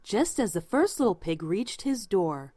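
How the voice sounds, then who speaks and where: Slow, lively woman reading a storybook. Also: medium pitch, no echo. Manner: expressive, unhurried read-aloud. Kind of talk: scripted storybook narration.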